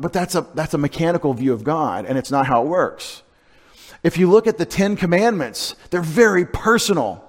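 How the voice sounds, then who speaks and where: A male pastor, preaching a conversational sermon with joking asides to his congregation. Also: medium pitch.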